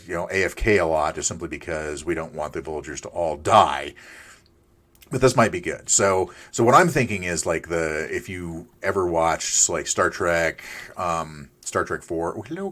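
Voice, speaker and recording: A man in his forties with a low, deep voice gives relaxed, rambling gameplay commentary. He restarts sentences often and drifts into side thoughts as he plays. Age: 40s. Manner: rambling, chatty, with filler restarts; playful asides to himself. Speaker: let's play host.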